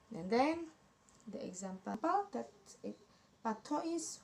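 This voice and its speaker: Slow, halting young woman student presenter. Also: medium pitch, lively intonation, darkish tone. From Indonesia. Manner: halting, restarts words, reads examples aloud. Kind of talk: online class presentation.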